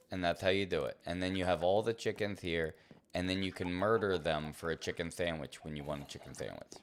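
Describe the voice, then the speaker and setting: Playful male streamer, very low voice, loose rambling gameplay commentary. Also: slight background noise. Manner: playful, rambling, talks to himself and the game.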